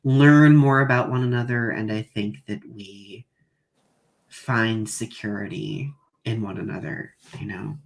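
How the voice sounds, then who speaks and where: A young adult man hosting a live podcast in casual chat, talking haltingly with many restarts. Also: on the low side, fairly even intonation, creaky. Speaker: podcast host.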